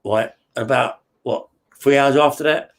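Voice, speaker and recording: A man's voice: medium pitch, a little slow. Blunt, profane man telling stories. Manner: blunt and profane, tags lines with "yeah?"; rambling and vivid, full of restarts and sound words. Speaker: interview guest. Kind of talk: casual true-crime storytelling.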